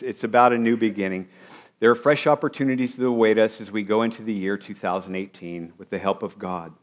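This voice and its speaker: A man preaching a sermon as pastor, asking his congregation rhetorical questions. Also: on the low side.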